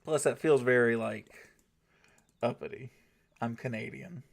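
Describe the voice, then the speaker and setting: A man's voice: mid-range voice, unhurried, vocal fry. A man hosting a gaming livestream, chatting loosely with his viewers. He rambles, swears freely and keeps checking in with "right?". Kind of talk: casual chat with a live audience.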